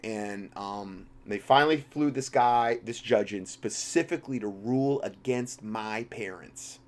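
Speaking in a lowish voice at a slightly slow pace, a male talk show host rambles through a religious political monologue. He's impassioned, restarts often, and his loudness swings widely.

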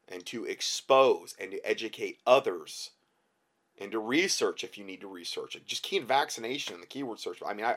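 A male talk-show host with an ordinary, mid-pitched voice addresses his listeners in loose, rambling commentary. He leans on emphasis and often restarts his sentences mid-thought. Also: a bit bright. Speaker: podcast host.

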